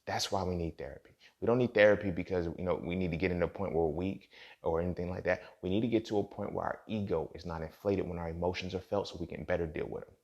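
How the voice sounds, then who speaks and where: Young guy, deep gravelly voice, blunt and cussing a lot, casual podcast monologue. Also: darkish tone, dull audio. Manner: blunt, profane, talks straight to listeners. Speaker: podcast host.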